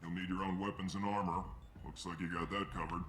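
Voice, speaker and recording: An actor playing a gruff male mercenary recruiter in a video game, speaking curtly and in a businesslike way. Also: deep voice, flat delivery, fast, a crowd in the background, lightly acted.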